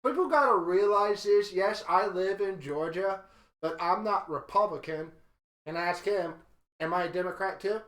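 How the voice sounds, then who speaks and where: A man's voice: high-pitched, normal speed, a bit bright, roomy sound. A man co-hosting a podcast, chiming in and bluntly venting his opinions in casual chat. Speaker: podcast co-host.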